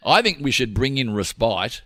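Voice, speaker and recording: Man, croaky, rambling comedic co-host, very expressive pitch. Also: moderate pace, no echo, clean studio sound. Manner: rambling, acts out characters in animated voices. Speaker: podcast co-host. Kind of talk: comedic casual chat.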